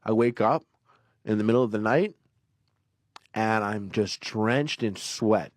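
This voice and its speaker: A man's voice: on the low side, slow, no echo. Rambling man telling a story. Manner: rambling, animated, acts out quotes in raised voice. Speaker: podcast guest. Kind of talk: casual storytelling.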